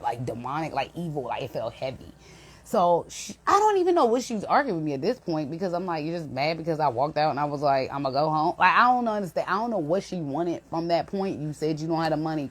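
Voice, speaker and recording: Low, husky woman telling a story. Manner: emotional, animated, addresses viewers as y'all. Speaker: intuitive reader. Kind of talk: casual storytelling to viewers.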